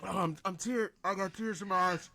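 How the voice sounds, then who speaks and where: A woman's voice: mid-range voice, a little fast, a bit bright. A woman co-hosting a podcast, reacting in casual chat with bursts of helpless laughter and exclamations. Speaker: podcast co-host.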